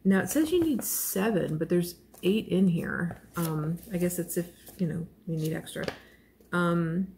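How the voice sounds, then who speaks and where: A woman's voice: mid-range voice, darkish tone. A woman vlogger chatting casually while unboxing a crochet kit, gushing and self-deprecating, rambling with fillers and small laughs.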